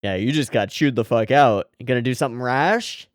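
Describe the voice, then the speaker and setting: A man's voice: mid-range voice, brisk, no room sound, clean studio sound. A man hosting an anime reaction video. He swears freely, laughs often, and talks back at the characters on screen. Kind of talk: casual reaction commentary.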